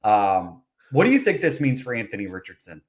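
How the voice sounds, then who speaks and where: A man's voice: lowish voice, big pitch swings, brisk. Matter-of-fact podcast co-host, a man. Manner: level, matter-of-fact, pushes back. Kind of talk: casual sports chat.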